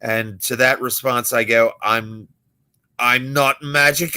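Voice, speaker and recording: A man's voice: mid-range voice, fairly even intonation, slow, bright, forceful tone, smooth. A young adult man, a magician hosting a late-night livestream, chatting casually and acting out the people in his stories. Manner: storytelling, acting out quoted people.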